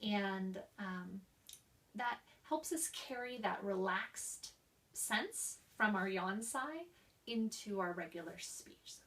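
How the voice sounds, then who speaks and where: A woman's voice: mid-range voice, expressive, a bit bright, far from the mic. A young woman explaining voice therapy exercises as a class presentation, showing each one by coughing, sighing or stretching out words. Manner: demonstrates exercises with coughs, sighs and slowed speech. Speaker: student presenter.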